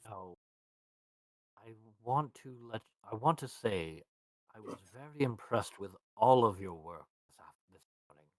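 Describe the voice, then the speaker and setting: A man's voice: fairly low pitch, expressive, unhurried. A man voicing a courteous, generous male elf adventurer in a tabletop role-play, speaking formally and graciously.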